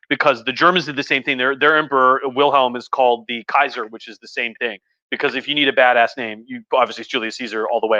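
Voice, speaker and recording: Drunk male history teacher on a home livestream, sharp bright tone, chatty and profane, dull lo-fi mic. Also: medium pitch, dry recording. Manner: rambling, profane, chatty, many restarts. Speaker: history professor. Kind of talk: casual livestream history lecture.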